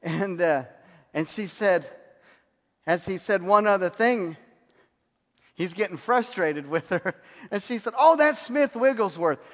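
A man with a high voice preaches a sermon in a church hall, telling stories and laughing at his own anecdotes. His words ring out with a long reverb off the walls. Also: slow, pauses often, a bit bright.

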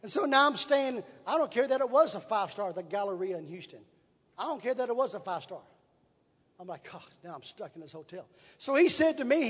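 Preacher guy, high husky voice, big echoey hall, folksy storytelling. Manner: folksy, repetitive storytelling with rising preaching emphasis. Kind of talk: sermon storytelling. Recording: long reverb in a large hall.

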